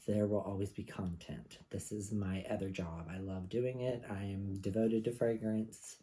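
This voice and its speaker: A man's voice: fairly low pitch, steady tone, moderate pace, dark tone. A man in his mid-thirties reviewing fragrances in casual, rambling home-studio chat with frequent asides. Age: 30s.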